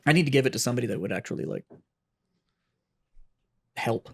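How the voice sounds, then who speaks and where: A man co-hosting a podcast, talking loosely and rambling, with plenty of swearing. His voice sits at an ordinary middle pitch. He drifts between half-finished thoughts in relaxed, casual chat. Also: a little fast, gravelly, slightly rough. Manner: rambling, profane, trails off. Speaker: podcast co-host.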